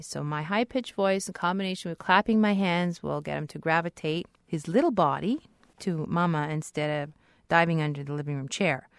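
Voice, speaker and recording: A woman dog trainer explaining tricks step by step in an upbeat instructional talk, now and then breaking into a high sing-song praise voice. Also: no room sound, studio quality.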